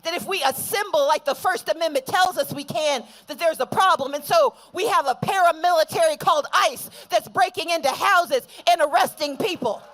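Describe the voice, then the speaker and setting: High-voiced woman giving a rally speech. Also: bright, forceful tone. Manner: rousing, call-and-response chanting. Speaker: rally speaker. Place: outdoor rally.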